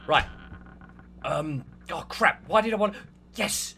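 A man's voice: on the high side, animated, unhurried, creaky, bright, forceful tone, a little hiss or hum. A young man doing let's-play game commentary, talking himself through a horror game and panicking and shrieking at the scares. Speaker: gaming YouTuber. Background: game music and sounds.

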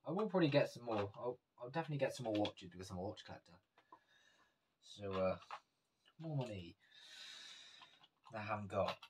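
A man with a fairly low voice rambles through a casual vlog, full of fillers and corrections as he goes. It sounds like easy, unscripted talk to a camera. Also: lively intonation, a little fast, pauses often, background noise. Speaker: vlogger showing his jewellery.

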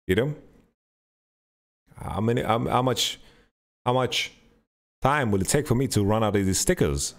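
A man hosting a podcast, telling a rambling story in an animated, sweary way and playing out his own thoughts. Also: moderate pace, pauses often. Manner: animated storytelling, swears freely, mimics himself with pitch jumps. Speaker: podcast host. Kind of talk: casual rambling monologue.

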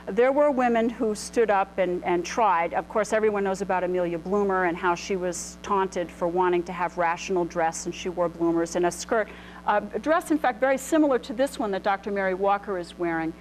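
Talking a little fast in a medium-pitched voice, a middle-aged woman gives an informal illustrated lecture on clothing history to a live audience in a lecture room. She's chatty, with lots of ums and restarts. The recording is low quality, with slight background noise.

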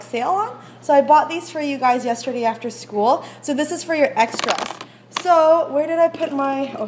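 A woman teacher with a high voice walks students through a baking demonstration in a school classroom kitchen. She is chatty and keeps asking whether everyone can see and follow. The sound is a phone recording made in class. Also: a little hiss or hum. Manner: chatty, checks understanding often. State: out of breath while rolling dough.

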